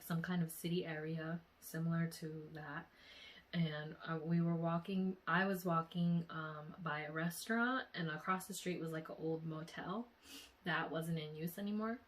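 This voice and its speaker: Young woman vlogging her dream, talks casually with lots of "like", a bit teary and breathy. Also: deep voice, fairly even intonation, normal speed. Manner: tearful and breathy, with sighs and quiet laughs; chatty, full of "like" fillers. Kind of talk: emotional dream diary vlog.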